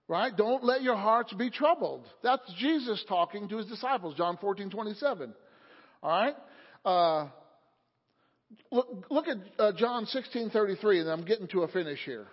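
High-voiced man preaching in an echoing hall. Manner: calm storytelling building to loud fervent preaching. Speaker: pastor. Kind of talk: sermon. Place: church sanctuary. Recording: muffled sound in a reverberant hall.

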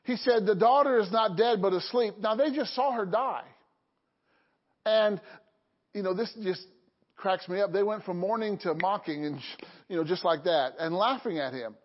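A man's voice: high voice, moderate pace. A man preaching a sermon to his congregation, checking in often with "Okay?" and "Amen?". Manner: call-and-response preaching, frequent "Okay?" and "Amen?". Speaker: pastor. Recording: dull lo-fi recording.

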